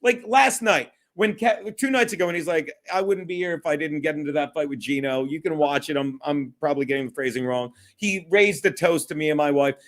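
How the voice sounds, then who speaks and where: A man's voice: high-pitched, fairly bright tone. A man hosting a casual solo livestream, rambling, swearing and often breaking into laughter. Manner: profane, giggly, rambling. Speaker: livestream host.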